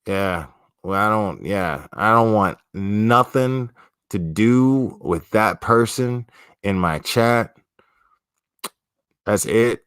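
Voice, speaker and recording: Chill guy streaming, swears a lot, kinda low voice, dry close sound. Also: animated, slow pace, pauses often, a bit bright, clean tone, no echo. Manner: profane, laid-back, slangy, talking to chat. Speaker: livestream host. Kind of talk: casual livestream chat.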